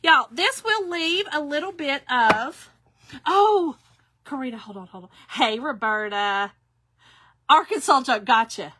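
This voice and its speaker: A woman's voice: high-pitched, animated, measured pace, sharp tone, dry recording. A middle-aged woman, rambling through stories while demonstrating a craft to viewers. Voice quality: chatty, rambling storyteller. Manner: talks to viewers while working with her hands. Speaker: craft shop owner. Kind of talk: chatty livestream crafting demo.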